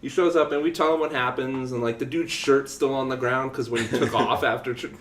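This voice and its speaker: A young adult man co-hosting a podcast, telling a story in an animated, laughing way and swearing freely. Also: mid-range voice, fairly quick, over a noisy crowd. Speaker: podcast co-host. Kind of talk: casual storytelling chat. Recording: echoey room.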